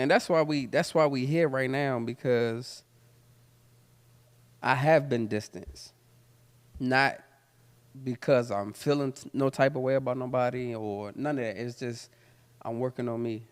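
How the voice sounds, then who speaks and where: A man hosting a candid talk, telling personal stories full of swearing and laughter, then turning quiet and reflective. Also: mid-range voice, moderate pace, clear, resonant tone. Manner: profane, laughs often while telling stories; turns quiet and reflective when serious. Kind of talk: candid storytelling conversation. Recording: long hall reverb.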